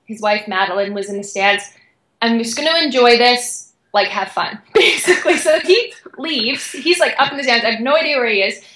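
A young woman guest, an athlete, telling a story in an excited, chatty way with many "like"s. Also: on the high side, moderate pace, reverberant, rough recording. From Canada. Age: young adult. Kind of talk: animated storytelling.

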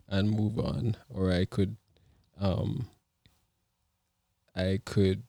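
A man co-hosting a casual couple's podcast, measured and calm as he holds his point. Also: lowish voice, dry recording, studio quality. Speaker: podcast co-host.

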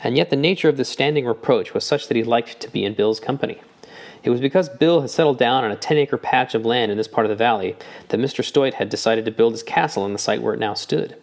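A man narrating a novel in a measured, even audiobook reading. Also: medium pitch, vocal fry. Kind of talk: scripted narration.

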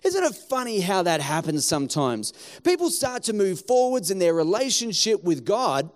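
Male pastor, higher voice, animated sermon delivery. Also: normal speed. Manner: animated preaching, acts out townspeople in quotes.

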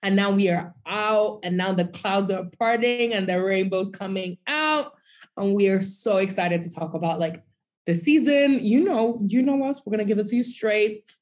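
A woman co-hosting a podcast in casual chat, animated, breaking into sung bits and mock quotes. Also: mid-range voice, normal speed. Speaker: podcast co-host.

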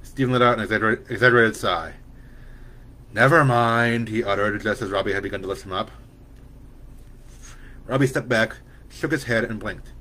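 A man reading his own story aloud, brisk and stumbling over words now and then. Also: lowish voice, pushed and bright. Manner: brisk, with frequent restarts.

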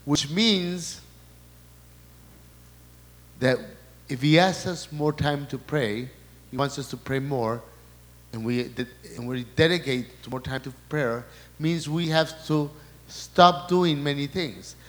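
A man's voice: on the high side, slow, long pauses, a bit bright, long reverb tail. A man, a priest, giving a sermon talk before a live audience, often breaking off and repeating his words as he relays quoted messages.

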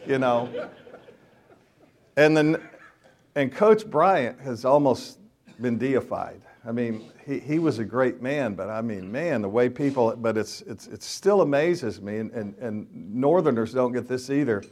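A man's voice: mid-range voice, moderate pace, a little mellow. A middle-aged man, a minister telling funny stories to a group of men in a folksy, joking way and acting out the scenes. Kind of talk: storytelling sermon.

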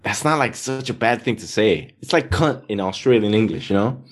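A man's voice: fairly low pitch, expressive, a little fast. A man from Miami chatting casually, laid-back, with casual slang. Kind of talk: casual chat.

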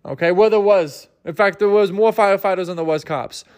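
A man with a high voice hosts his own comedy podcast. He rambles loosely through a story, mocks himself and slips into the voices of the people he describes. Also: fairly quick, darkish tone. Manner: rambling, self-mocking, acts out characters. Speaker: podcast host.

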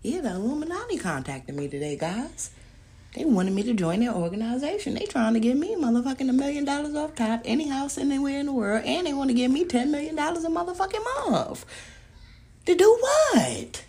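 A woman hosting a podcast, talking in a casual, profane monologue that swings between loud emphatic outbursts and muttered asides. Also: sits high, animated, fast talker. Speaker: podcast host.

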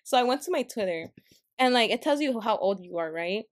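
A young woman chats on a podcast, and her voice sits a little high. She tells her stories in a loose, rambling way, with plenty of fillers, sudden gasps and laughter. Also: lively intonation, fairly quick. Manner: chatty storytelling full of fillers, gasps and laughs. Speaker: podcast co-host. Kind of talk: casual chat.

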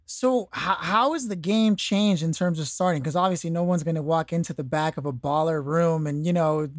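A man's voice: a little high, normal speed, no room sound, clean studio sound. A man hosting a casual interview, easygoing and laughing along with his guest. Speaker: podcast host.

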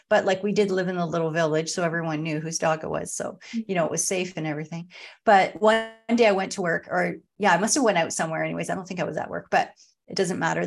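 A middle-aged woman, a podcast guest and author, telling funny family stories in a casual chat and laughing as she goes. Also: lowish voice. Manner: animated, laughs through her stories.

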